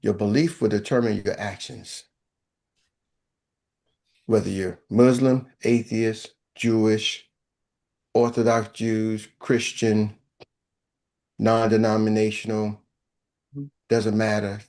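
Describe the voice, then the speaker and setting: A man's voice: on the low side, level tone, takes it slowly, long pauses, darkish tone. An older man coaching salespeople with punchy, chant-like, repeated exhortations. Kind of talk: motivational coaching talk.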